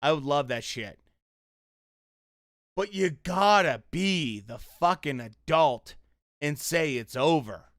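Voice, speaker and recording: A young man streaming a live reaction, angry and profane, shouting bursts that trail off into mutters. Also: on the high side, lively intonation, takes it slowly, pauses often, dry recording, studio quality. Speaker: streamer reacting to a boxing fight.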